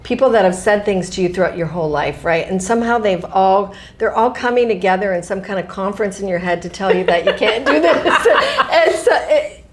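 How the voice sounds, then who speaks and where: A middle-aged woman author talking casually in an interview, animated, often laughing and restarting her sentences. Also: medium pitch, quick pace, hardly any pauses.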